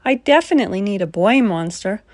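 A woman's voice: mid-range voice, expressive, a little fast, darkish tone, no room sound, clean studio sound, lightly acted. Fussy bedtime boy, earnest, woman reader. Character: picky young boy at bedtime.

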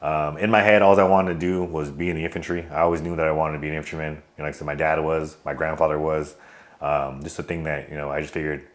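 A man's voice: extremely low pitch, level tone, fast. A man in his thirties from California, an army veteran guest who tells his stories in a loose, rambling way full of fillers and restarts. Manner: outgoing joker telling stories. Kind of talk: casual interview storytelling.

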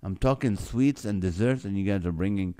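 A man's voice: on the low side, fairly quick, mellow. A man hosting a live stream, reading viewer comments aloud and joking, often breaking into laughter. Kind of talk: casual live-stream chat.

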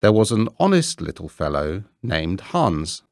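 Man doing a curious little linnet, probing, lively voice, a touch gravelly. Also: sits low, measured pace, no echo, studio quality, exaggerated voice. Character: small inquisitive male green linnet bird.

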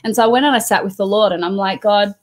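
A woman's voice: medium pitch, fast talker. A woman in casual conversation, earnestly telling an emotional story of a prayer experience. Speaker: host. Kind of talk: casual chat.

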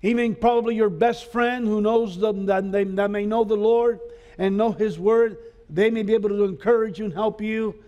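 A man's voice: high-pitched, darkish tone. A man preaching a sermon as pastor in a school chapel, speaking earnestly with frequent filler sounds.

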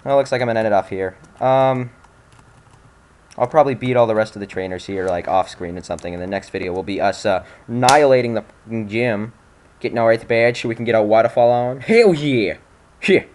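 An irritated young man talks over his gameplay in a fairly low voice. He grumbles, sighs, and swears at the game, sounding fed up throughout. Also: quick pace, a little mellow. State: angry, frustrated. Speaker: let's play commentator. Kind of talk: casual gameplay commentary.

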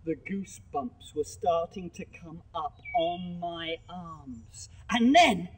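A male professional storyteller telling a tale live, dramatic with loud bursts and hushed drops. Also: sits high, slow pace, slight background noise, poor audio.

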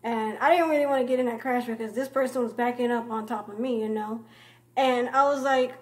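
A woman's voice: fairly high pitch, fairly even intonation, fairly quick. A young woman vlogger telling a story in a rambling, casual way, tossing in "you know" constantly and calling people names.

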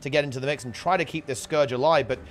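Soft music plays in the background as an esports commentator with a mid-range voice calls a live online tournament at a quick pace. His casual commentary is chatty and rambling, and he often corrects himself mid-sentence.

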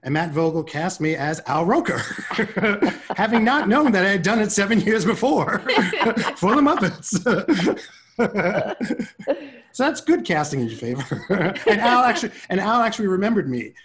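A man from Harlem, a puppeteer guest, telling stories in a casual video-call conversation, animated and quick to act out quotes and laugh. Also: high-pitched. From Harlem, New York.

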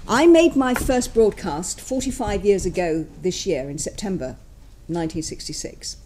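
A woman in her sixties giving a university lecture, emphatic and opinionated, slowing down to stress her key points. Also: mid-range voice, lively intonation, darkish tone, a little hiss or hum. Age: 60s. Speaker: guest lecturer.

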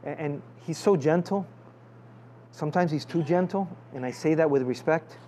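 A man's voice: fairly high pitch, normal speed, mellow, slight background noise. A male pastor preaching in a loose, conversational way and calling for amens from the congregation. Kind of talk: sermon with prayer.

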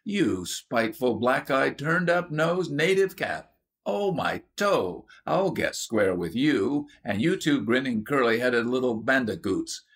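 A man voicing a rough, bullying twelve-year-old boy who shouts and jeers. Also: medium pitch, lively intonation, measured pace, voice pushed up. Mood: yelling. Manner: jeering, yelling taunts.

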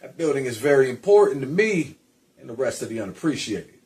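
A man's voice: mid-range voice, sing-song, brisk, darkish tone. A man cutting a self-important wrestling promo, stretching out his words. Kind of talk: slow, boastful wrestling promo.

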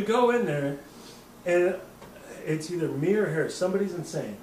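Cursing guy host rambling thru a drinking story, kinda high voice, echoey room, sits back from the mic. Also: fairly quick, far from the mic, noisy background. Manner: rambling, profane, laughing at own story. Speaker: podcast host. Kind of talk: casual storytelling.

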